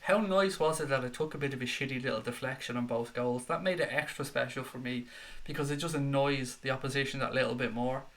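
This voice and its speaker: A young man hosting a football fan live stream, chatting excitedly and reading out viewer comments. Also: medium pitch, fast. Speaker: football fan channel host. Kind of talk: live-stream chat reaction.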